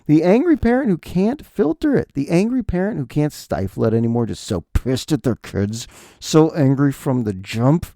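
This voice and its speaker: A man's voice: fairly high pitch, normal speed, vocal fry, no room sound, clean studio sound. A middle-aged man hosting a podcast, rambling through a comedic solo monologue and acting out the voices of people he describes. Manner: rambling, animated, acts out quoted voices. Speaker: podcast host.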